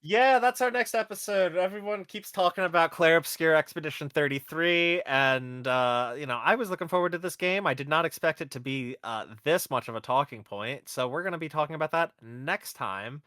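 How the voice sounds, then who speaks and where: A man's voice: on the high side, fairly quick, hardly any pauses, bright, forceful tone, clear, resonant tone, dry recording, clean studio sound. A man hosting a casual podcast chat, rambling and correcting himself as he goes. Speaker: podcast host.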